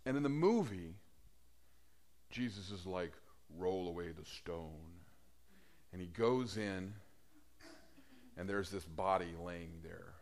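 A man preaching a sermon in a conversational way, asking the congregation questions. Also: low voice.

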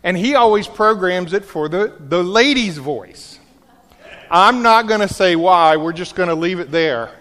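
A man's voice: sits high, lively intonation, unhurried, a bit bright. A middle-aged man preaching a sermon, telling a story with jokey asides. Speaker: pastor. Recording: large hall with long reverb.

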